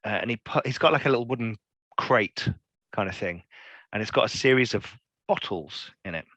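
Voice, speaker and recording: A man's voice: mid-range voice, expressive, fairly quick, pushed and bright, no room sound. A man narrating as game master in a tabletop game, playful and rambling with fillers.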